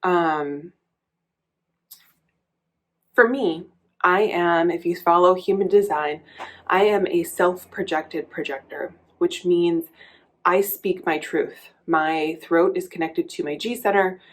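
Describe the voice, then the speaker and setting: A woman's voice: lowish voice, slow, long pauses, a little hiss or hum. A woman coach speaking candidly and reflectively in a personal vlog, telling a story with many small restarts. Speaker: coach and vlogger.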